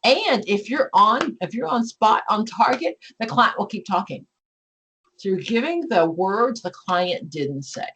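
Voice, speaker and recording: A woman, teaching an exam prep class in a chatty, animated way. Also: medium pitch, unhurried, slight background noise, poor audio. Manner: chatty and animated, acts out client scenarios. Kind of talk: live online class lecture.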